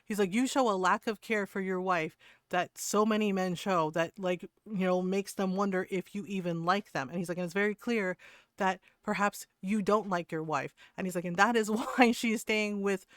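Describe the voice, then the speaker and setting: A woman streamer chatting casually and retelling a story with lots of swearing, laughter and quick asides. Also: medium pitch, dry recording, clean studio sound. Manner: animated retelling, profane, laughs often. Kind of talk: casual chat.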